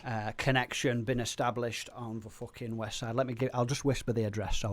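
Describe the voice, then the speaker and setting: A man's voice: mid-range voice, little pitch movement, fairly quick, hardly any pauses. A man, doing improvised comedy banter as a brash, swearing pirate radio DJ.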